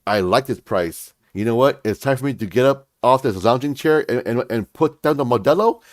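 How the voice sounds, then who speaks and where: A man's voice: medium pitch, normal speed, no room sound, natural voice. Man doing a lazy cocky poolside bull. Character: laid-back male bull lounging poolside, cocky.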